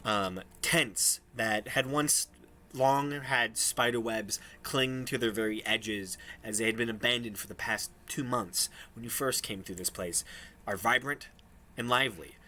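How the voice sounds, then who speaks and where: A man's voice: medium pitch, a little slow, pushed and bright, slight background noise. A man narrating as game master in a casual, hesitant way with many ums.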